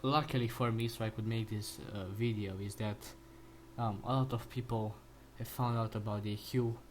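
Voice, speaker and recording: A man's voice: on the low side, steady tone, normal speed, slight background noise. A man ranting in a crude, mocking and rambling way while he comments on a video, often restarting his sentences. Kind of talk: profane reaction rant.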